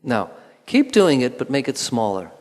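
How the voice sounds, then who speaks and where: Man guiding a movement class, lively pitch. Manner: calm, instructive, with pauses and spoken counting. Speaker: movement teacher. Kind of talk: guided movement lesson. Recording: long hall reverb.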